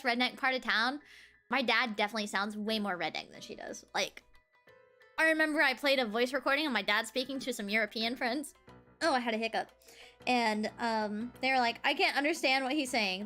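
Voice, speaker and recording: A woman's voice: on the high side, pushed and bright. A young woman from the southern United States streaming, chatting casually with giggles. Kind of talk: casual chat.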